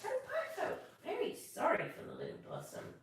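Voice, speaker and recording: A woman reading a children's story aloud on a live stream, expressive, chatting with viewers between pages. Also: very high voice, normal speed, recorded from a distance, slight background noise. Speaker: storyteller host. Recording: echoey room, voice off-mic.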